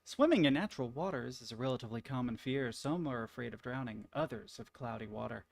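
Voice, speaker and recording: A man's voice: mid-range voice, expressive, fast talker, gravelly. A young man streaming, chatting casually and reacting to articles, swearing freely and rambling through stories. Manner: profane, rambling, easily amused.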